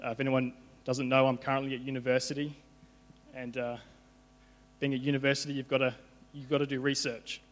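A man's voice: mid-range voice, little pitch movement, brisk. A young man giving an informal sermon, conversational, often repeating his words as he goes. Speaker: preacher. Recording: hall reverb with mains hum.

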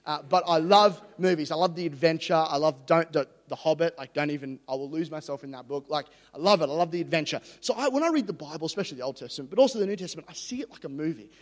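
A high-pitched man preaches in a lively, joking and excitable way, his voice trailing off into the long reverb of a church hall. He talks fast and loose, building up fervour as he goes. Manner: energetic, jokey, excitable preaching. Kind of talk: sermon.

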